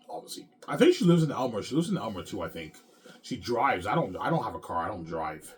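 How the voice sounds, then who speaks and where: A man's voice: fairly low pitch, fairly bright tone. A man talking in a casual, rambling monologue, repeating himself and tagging lines with "man" and "obviously.". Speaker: vlogger.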